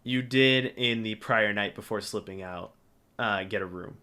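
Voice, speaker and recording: Man, game master narration, relaxed, lowish and bright. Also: clear, resonant tone. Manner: relaxed, with frequent filler pauses.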